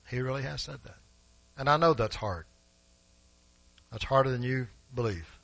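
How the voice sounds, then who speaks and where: A man preaching a sermon in a church, emphatic and rising to forceful peaks, speaking directly to his congregation. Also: mid-range voice, lively intonation, moderate pace, creaky, long pauses, highs cut off. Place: church sanctuary.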